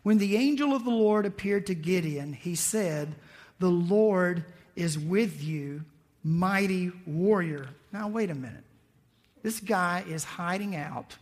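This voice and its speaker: A male pastor giving a conversational, animated sermon, acting out the people he quotes. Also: high-pitched.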